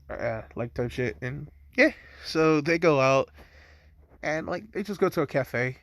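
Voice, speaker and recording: A man's voice: a little high, expressive, a little slow, no echo. A young man casually retelling a made-up fan story, rambling with lots of filler words. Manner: rambling, heavy "like" and "type shit" fillers.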